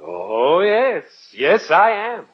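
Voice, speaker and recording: A wisecracking American reporter. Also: male voice, a little high, wildly swooping pitch, drawn-out words, breathy edge, heavily acted. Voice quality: wisecracking, breezy. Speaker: newspaper reporter. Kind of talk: 1940s radio sitcom acting. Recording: muffled old radio recording, faint hiss.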